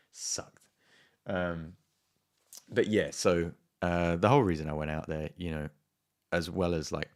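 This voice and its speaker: Brief: young male host, deep voice, chatty and rambling, tells stories with laughter. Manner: rambling, laughing, acts out his own raised voice in quotes. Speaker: music producer and channel host. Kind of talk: casual storytelling to viewers.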